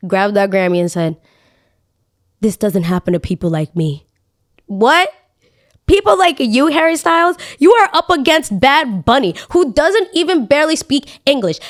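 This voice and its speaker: A young woman talks on her own podcast in a lively, opinionated rant. She swings between easy chat and sudden high, loud bursts of indignation. Her tone stays casual and direct. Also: clear, resonant tone. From Latina. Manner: animated ranting, jumps up high when outraged. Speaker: podcast host.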